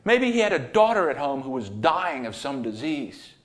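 A man's voice: fairly high pitch, sing-song, normal speed. Dynamic storytelling male preacher. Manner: storytelling, dynamic, swings between loud and hushed. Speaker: pastor. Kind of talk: sermon.

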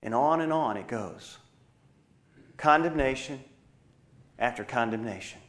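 An earnest male preacher delivering a sermon to his congregation. He pushes some lines with force and lets others sink to a hushed, intimate murmur. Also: mid-range voice, lively intonation, unhurried. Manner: earnest, swings from emphatic to hushed.

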